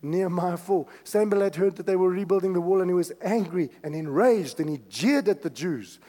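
A male pastor preaching a sermon, swinging from hushed tones to shouts. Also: high-pitched, moderate pace, hardly any pauses, big-room sound.

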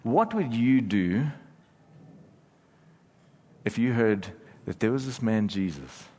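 A man with a fairly low voice preaches a sermon to his church, earnest and building in force. The sound carries a long reverb, the way a big church hall does. At times he drops to a hushed, prayerful tone. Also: expressive, takes it slowly, husky. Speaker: pastor.

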